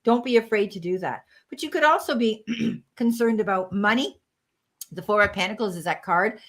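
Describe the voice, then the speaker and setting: An American woman reading tarot cards on a live stream at an even middle pitch. She talks in a reassuring, affectionate way, walking through each card for the viewer. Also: normal speed. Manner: warm, reassuring, calls viewers sweetheart and honey. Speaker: tarot reader and medium, live stream host.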